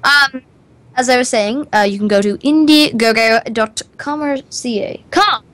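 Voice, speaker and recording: A woman's voice: a little high, a little slow, fairly bright tone. A woman chatting as a guest on a casual show, playful and a bit scattered. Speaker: guest singer. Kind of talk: casual chat.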